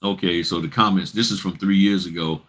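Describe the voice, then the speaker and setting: A man's voice: low-pitched, steady tone, fairly quick, a bit bright, breathy edge. A man hosting a notary business vlog, giving blunt, straight-talking advice and repeating points for emphasis.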